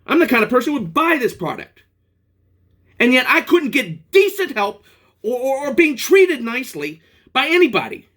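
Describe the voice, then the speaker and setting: Male vlogger, fired-up profane rant, fairly high pitch with big swings. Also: sing-song, moderate pace, sharp tone. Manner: angry, profane, rambling rant with restarts. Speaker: product reviewer. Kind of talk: ranting vlog.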